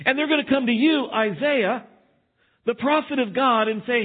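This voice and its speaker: A man's voice: extremely high pitch, lively intonation, normal speed, slightly rough. A male pastor preaching a sermon with emphasis and rhetorical questions. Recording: tinny phone-like sound.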